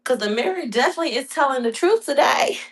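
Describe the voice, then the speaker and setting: A young woman hosting a casual chat, telling stories loudly and profanely, laughing often. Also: high-pitched, very animated, fast talker. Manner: loud, profane, laughing storyteller. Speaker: podcast host.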